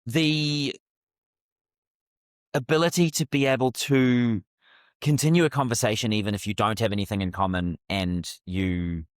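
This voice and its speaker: A middle-aged man, a communication coach telling sales stories as a podcast guest, animated and often restarting his sentences. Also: medium pitch, moderate pace, no echo, clean studio sound. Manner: animated, restarts phrases mid-thought. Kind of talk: casual interview storytelling.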